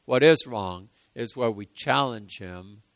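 A man preaching a sermon, repeating key lines for emphasis and moving between hushed and loud passages. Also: on the low side, takes it slowly, no room sound. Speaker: pastor.

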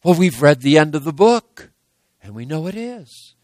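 A man's voice: on the high side, big pitch swings, normal speed, darkish tone, no echo. A man preaching a sermon, retelling a story in a folksy way with asides to his congregation.

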